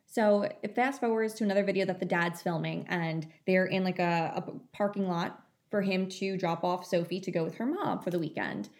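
A woman's voice: on the low side, normal speed, a little mellow. A young woman telling a long story in casual chat, full of fillers. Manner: chatty storytelling, many fillers.

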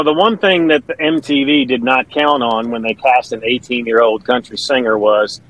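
A man's voice: mid-range voice, rough recording. A middle-aged man, telling stories as an interview guest in an earnest, chatty way. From Kentucky, USA. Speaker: interview guest, country singer and pastor. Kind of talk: casual interview storytelling.

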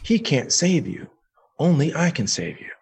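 A man voicing God as a calm, knowing male spirit who chides and swears, speaking slowly and higher than his own voice. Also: creaky, breathy edge, full character voice. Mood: stern. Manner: slow, teasing, profane.

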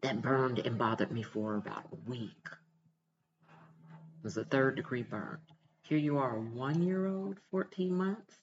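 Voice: medium pitch, lo-fi sound. A vlogger talking straight to viewers in an emphatic, preachy way, repeating points for stress. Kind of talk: emphatic motivational talk to camera.

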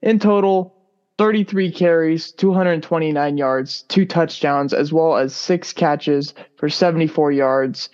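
A man co-hosting a sports podcast, talking in a relaxed, rambling way with lots of fillers. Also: on the high side, unhurried. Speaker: podcast co-host. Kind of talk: casual sports podcast chat. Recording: dull lo-fi sound.

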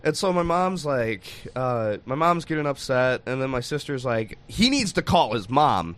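A man's voice: medium pitch, very animated, normal speed, a bit bright. A man hosting a podcast, telling a rowdy story in casual chat, swearing often and laughing as he goes. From Michigan. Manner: profane, laughs mid-story. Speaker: podcast host.

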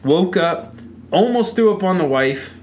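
A young man hosting a podcast, telling stories in casual, profane, animated chat. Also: high voice, measured pace. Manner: loose, profane, animated storytelling. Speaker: podcast host.

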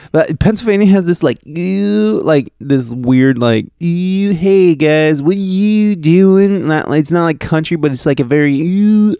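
Male podcast host, casual and crude, smooth clear voice, dry close sound, reads news with side comments. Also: mid-range voice, darkish tone, dry recording. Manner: rambling, crude, with many fillers and restarts. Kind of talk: casual chat, reading news aloud.

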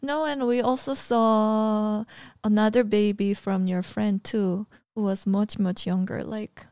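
A woman co-hosting a casual chat, chatty and eager to fill in her partner's sentences. Her voice is smooth and resonant at a middling pitch, recorded dry and close. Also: fairly even intonation, a little slow, a little mellow, no echo. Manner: chatty, finishing the other's sentences.

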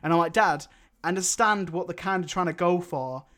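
A man's voice: sits high, a little fast, fairly bright tone. A man co-hosting a casual film review podcast, rambling and often breaking into laughter. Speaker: podcast co-host.

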